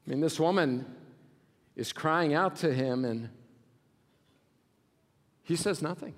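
A man preaching a sermon as pastor, swinging between shouted passages and low, quiet asides. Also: slow, pauses often. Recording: long hall reverb.

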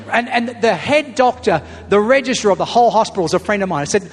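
High-voiced pastor preaching in a hall. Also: male voice, animated, fast talker, few pauses, a little hiss or hum. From Australia. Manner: emphatic storytelling, builds to loud punchlines. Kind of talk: sermon. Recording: long hall reverb, faint music.

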